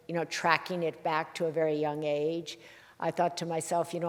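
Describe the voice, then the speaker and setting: A woman with a notably low voice talks through personal memories in a soft, reflective way. She pauses and restarts as she gathers her thoughts. The sound carries a long reverb. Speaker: host. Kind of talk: reflective conversation.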